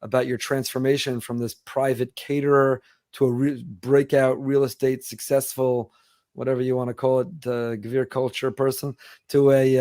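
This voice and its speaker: A male podcast host speaks fast, stacking compliments and questions. His voice sits mid-range and sounds dry and close, with no room around it. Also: mid-range voice, a little mellow, no echo. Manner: brisk, effusive praise for the guest. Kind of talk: interviewing.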